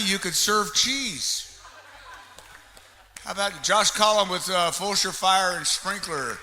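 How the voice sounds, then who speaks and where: A man's voice: sits high, slow pace, long pauses, sharp tone. A man emceeing a live chamber of commerce meeting, chatty and joking with the crowd as he hands out door prizes and introduces a guest. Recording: reverberant hall with faint background noise.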